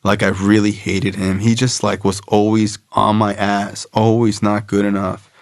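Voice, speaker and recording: A man's voice: fairly low pitch, level tone, measured pace, vocal fry, dry recording, clean studio sound. A man guesting on a podcast, telling his story casually, loose and profane, with lots of fillers and quoted voices. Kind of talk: casual storytelling about recovery.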